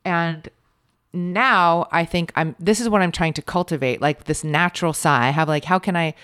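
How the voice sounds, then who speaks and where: Brief: forties woman host, low and smooth tone, soft-spoken and thoughtful, dry close mic. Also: moderate pace, no room sound. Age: 40s. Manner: soft, reflective, thinks aloud. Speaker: podcast host. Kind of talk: casual conversation.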